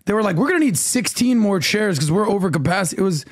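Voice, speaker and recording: Animated high-voiced man chatting. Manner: animated storyteller, quick affirmations. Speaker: podcast co-host. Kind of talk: casual podcast chat.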